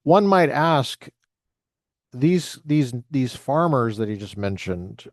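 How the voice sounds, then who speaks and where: Male lecturer, mid-pitched, reads text aloud and breaks off for dry jokes. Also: expressive, slow pace, darkish tone, dry recording. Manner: reads passages with joking asides. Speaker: lecturer reading from a history book. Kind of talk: reading aloud with commentary.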